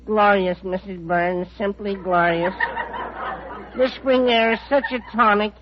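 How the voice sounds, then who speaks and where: An exuberant male mailman bursts with cheer in a vintage radio sitcom. The recording is dull and muffled. A studio audience is clearly heard laughing. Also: sits high, steady tone, measured pace, a crowd in the background. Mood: gushing. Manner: gushing, exuberant. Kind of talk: 1940s radio comedy acting.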